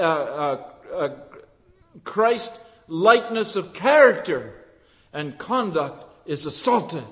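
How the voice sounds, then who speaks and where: An older man preaching a sermon with passion, swinging from hushed tones to shouts. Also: high voice, long reverb tail.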